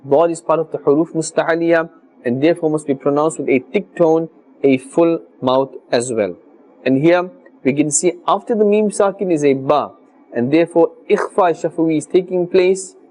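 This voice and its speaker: A man's voice: fairly high pitch, a little mellow. Earnest man teaching careful recitation. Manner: slow, careful demonstrations of letter sounds. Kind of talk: televised religious lesson.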